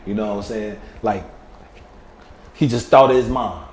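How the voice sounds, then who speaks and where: A man's voice: fairly low pitch, normal speed, a little mellow. Laid-back male comedian, roomy sound. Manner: laid-back storytelling with frequent filler phrases. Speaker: comedian guest. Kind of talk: casual interview talk. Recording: roomy echo with faint noise.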